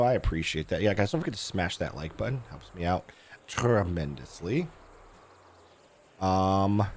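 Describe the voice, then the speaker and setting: A man streaming a game, chatting casually with his viewers in a hoarse voice that he is losing, rambling with many fillers and restarts. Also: low-pitched, darkish tone, slight background noise. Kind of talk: casual live-stream chat.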